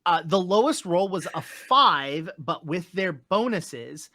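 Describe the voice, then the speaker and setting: A man running a tabletop game as game master, explaining rules in a relaxed way with many fillers. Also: sits high, slow pace, slight background noise. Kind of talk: narrating and ruling a tabletop game.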